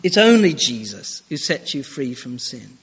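A man's voice: medium pitch, sing-song, unhurried, husky. A man preaching a sermon in a church, challenging his listeners with direct questions. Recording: dull lo-fi recording with long church reverb.

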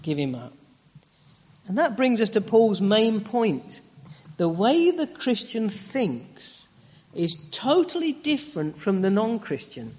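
Preacher with an animated voice in a reverberant hall. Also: male voice, high voice, takes it slowly, breathy edge. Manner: earnest, explanatory, with rhetorical questions. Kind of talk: sermon. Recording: dull lo-fi audio with long hall reverb.

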